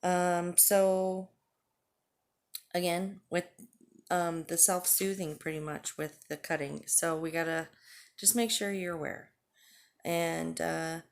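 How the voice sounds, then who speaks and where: A woman in her forties talking candidly to the camera in a halting, earnest way, with frequent pauses and fillers. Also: fairly low pitch, gravelly. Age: 40s. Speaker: vlogger. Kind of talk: candid personal vlog talk.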